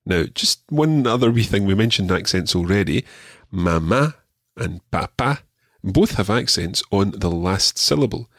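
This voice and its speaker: Male language tutor, low and a touch husky, patient, repeats and praises. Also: lively intonation, a bit bright, dry recording, studio quality. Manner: patient, encouraging, repeats words slowly. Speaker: language teacher. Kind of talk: radio language lesson.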